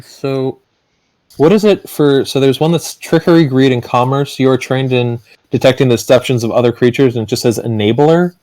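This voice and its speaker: A man's voice: medium pitch, moderate pace, darkish tone, rough recording. A man playing a tabletop game, asking questions and thinking aloud about his character. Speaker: player. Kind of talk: casual chat at the game table.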